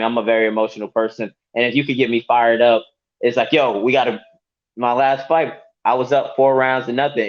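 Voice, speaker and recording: A man, a fighter, talking casually in an interview, animated and laughing often. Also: mid-range voice. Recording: dull lo-fi audio.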